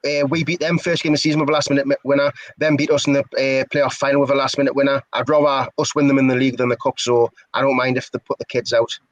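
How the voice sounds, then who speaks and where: A man's voice: medium pitch, level tone, fast talker, few pauses, no room sound, lo-fi sound. A man on a fan chat panel, joking and teasing. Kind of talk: casual live fan chat.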